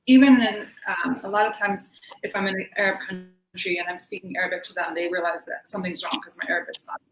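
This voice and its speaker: Speaking quickly in a fairly low, steady voice, this woman is a belly dancer appearing as a guest in a relaxed interview. Her talk is chatty, full of fillers and laughs. The recording has faint noise and an echoey room sound.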